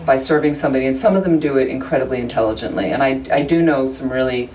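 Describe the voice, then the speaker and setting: Woman with a deep voice, casual joking teaching style, mic at a distance, faint background noise. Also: quick pace, a little mellow. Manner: chatty, humorous, conversational with frequent asides. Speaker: Buddhist study group teacher. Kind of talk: informal dharma teaching. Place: room with a small group of listeners.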